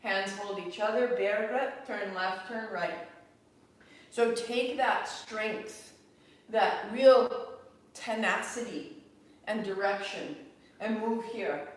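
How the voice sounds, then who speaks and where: A woman leads a yoga class, calmly calling out breaths and poses in an even rhythm. Her voice sits at a middle pitch and comes from well away from the mic. It rings in a very echoey room with a faint hum of room noise behind it. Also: takes it slowly, long pauses, distant mic. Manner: calm, rhythmic cueing of breath and movement. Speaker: yoga teacher. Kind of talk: guided yoga class instruction.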